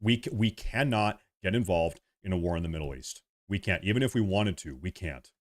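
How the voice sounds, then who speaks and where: A man's voice: sits low, fairly quick. A young man ranting passionately in a livestream monologue, repeating himself and swearing as he reads viewer comments.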